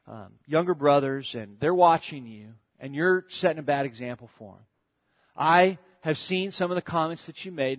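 A man voicing a calm, firm middle-aged father speaking in a measured way. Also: very high-pitched, slightly rough, pitched above the performer's own voice, exaggerated voice. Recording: dull echoey hall recording.

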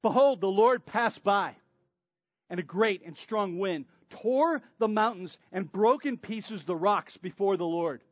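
A man preaching a sermon, dramatic, swinging between loud emphasis and near-whispers. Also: high voice, unhurried, no echo, highs cut off. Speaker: pastor.

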